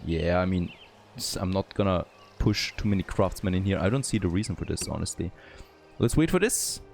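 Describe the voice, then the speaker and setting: With a low voice, vocal fry and a brisk pace, a non-native English speaker offers let's play commentary on a city-building game. He thinks aloud, excites easily and repeatedly says "there you go."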